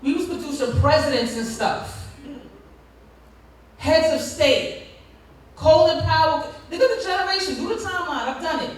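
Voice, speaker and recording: A woman with a high voice delivers a conference speech like a sermon. She tells stories and throws questions back to the crowd. Her voice rings through a large, echoey hall, picked up from far off the mic. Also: expressive, normal speed, pauses often. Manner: preacher-like storytelling with crowd call-and-response. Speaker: school district leader giving a conference talk.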